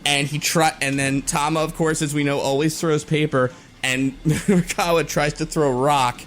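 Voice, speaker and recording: A man's voice: on the high side, fairly even intonation, moderate pace, fairly bright tone. A man co-hosting a podcast, giving a casual, rambling recap from his notes with many fillers and chuckles. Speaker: podcast co-host.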